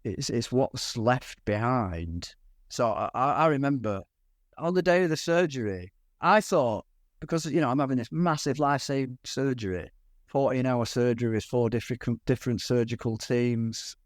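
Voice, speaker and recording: A man's voice: mid-range voice, moderate pace, no room sound. Cornish man, middle-aged, podcast guest; candid storyteller, dry close sound. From England. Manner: candid, frequent restarts and quoted dialogue. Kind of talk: conversational storytelling.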